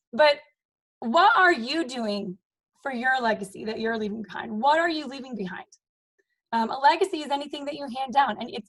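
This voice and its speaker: A woman's voice: high voice, rough recording. Upbeat woman giving a motivational team talk. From Maryland, US. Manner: upbeat, emphatic, repeats "you guys" and "okay?". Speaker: team leader.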